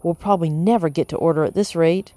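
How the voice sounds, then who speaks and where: A woman's voice: sits low, quick pace, warm tone, no echo, lightly acted. A woman voicing a sardonic young woman in an audiobook, dry and teasing.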